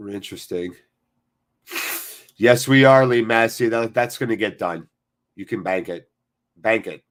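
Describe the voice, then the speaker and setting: A man hosting a live football watchalong from a cold room attached to his house, commentating with excited, jokey chatter and replying to viewers. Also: lowish voice, a little slow.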